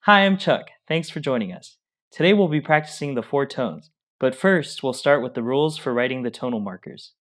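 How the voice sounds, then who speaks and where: A man of ordinary pitch explains pronunciation rules in a calm, friendly lesson tone. He speaks plainly, as a co-teacher. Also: moderate pace. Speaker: Mandarin co-teacher.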